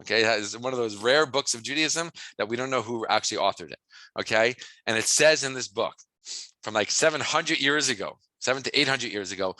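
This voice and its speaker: A man teaching as a rabbi, in a lively way, full of rhetorical questions. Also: medium pitch, fast talker, dry recording, rough recording. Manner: animated, asks many rhetorical questions.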